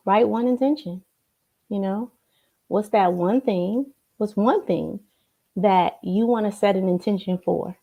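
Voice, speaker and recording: A woman's voice: medium pitch, vocal fry, highs cut off. A woman giving a motivational coaching talk to a computer camera, emphatic and checking in often with tag questions. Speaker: life coach.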